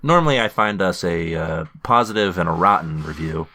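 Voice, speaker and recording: Podcast host, deep voice, halting, ums. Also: male voice, animated, sharp tone. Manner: hesitant, many ums and restarts. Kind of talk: casual chat.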